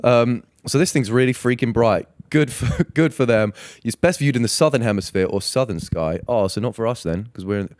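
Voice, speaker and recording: A man's voice: mid-range voice, animated, moderate pace, hardly any pauses, darkish tone, no room sound, clean studio sound. A man from England co-hosting a podcast, swearing freely and laughing in playful casual chat. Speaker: podcast co-host.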